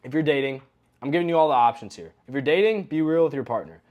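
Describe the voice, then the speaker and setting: A man's voice: on the high side, fast talker, narrow, tinny audio. Conversational man teaching a lesson. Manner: conversational, acts out example phrases. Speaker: coaching course instructor. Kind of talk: recorded online lesson.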